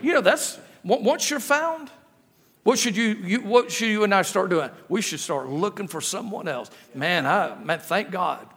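High-voiced preacher in a reverberant church. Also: male voice, expressive, a little slow, a bit bright, husky. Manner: humorous storytelling, repeats phrases, rhetorical questions. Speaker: guest preacher. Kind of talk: sermon. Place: church sanctuary. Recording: echoey church hall with long reverb.

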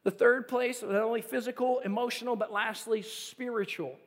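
High-voiced pastor preaching in a reverberant hall. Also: male voice, steady tone, normal speed, a bit bright. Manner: earnest storytelling, building to emphatic repeated appeals. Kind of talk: sermon. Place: church sanctuary. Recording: long reverb of a large hall.

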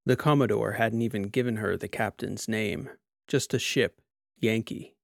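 A man reading a sci-fi short story as narrator, in a measured, steady way. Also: fairly low pitch, gravelly, no room sound, studio quality. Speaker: audiobook narrator. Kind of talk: scripted narration.

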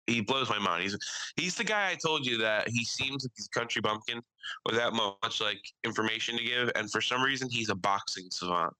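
A man's voice: mid-range voice, brisk, pushed and bright, smooth, no room sound, rough recording. A man hosting a casual podcast, telling stories with lots of swearing and laughter. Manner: profane, laughing, storytelling. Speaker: podcast host.

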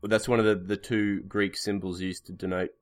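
A man's voice: fairly low pitch, little pitch movement, normal speed. A man hosting a podcast, answering trivia in a casual chat with dry wisecracks. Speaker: podcast host.

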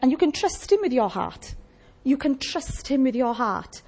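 A woman's voice: high-pitched, sing-song, normal speed, darkish tone, breathy edge. A woman preaching a sermon in a conversational way, often asking the congregation questions.

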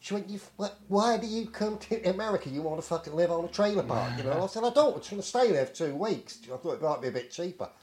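A middle-aged man from England tells a story among friends. He swears constantly and slips into the voices of the people he talks about. His pitch sits a little high and swings widely. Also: animated, fast talker, few pauses, darkish tone. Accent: English. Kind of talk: casual anecdote.

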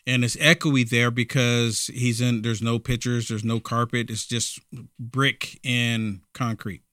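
A man's voice: mid-range voice, flat delivery, unhurried, bright, forceful tone, dry recording, clean studio sound. A man hosting a political commentary show, emphatic, repeating himself and asking rhetorical questions. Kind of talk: opinionated commentary.

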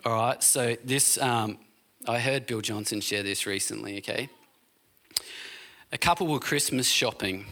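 A man's voice: medium pitch, pushed and bright. A man preaching a sermon at a church service in a casual, chatty way, often checking in with the congregation. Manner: casual, keeps checking in with "all right?" and "okay?". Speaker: pastor.

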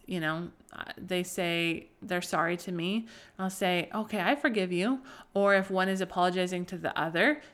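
Woman, 30s, host of a Christian parenting show, chatty and sincere, mid pitch. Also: fairly bright tone. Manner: earnest, conversational, with frequent "like" and "right?". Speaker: podcast host. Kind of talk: faith-based parenting talk.

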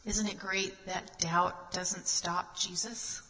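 A woman's voice: fairly low pitch, steady tone, slow, pushed and bright, in a large hall, rough recording. A woman guest speaker giving a sermon, reading scripture aloud and asking the listeners earnest questions.

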